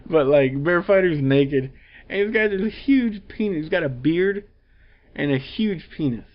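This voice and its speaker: A man's voice: fairly high pitch, animated, a little slow. Rambling, chuckling man on lo-fi audio. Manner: rambling, chuckling plot retelling with filler words. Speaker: comic book reviewer. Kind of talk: casual review chat.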